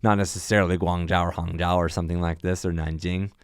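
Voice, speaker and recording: A man's voice: low voice, fast talker, smooth, no room sound, clean studio sound. A man who flies for an airline, chatting in a podcast and telling emphatic stories about flying. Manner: animated storyteller, emphatic. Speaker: airline pilot guest. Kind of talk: casual podcast chat.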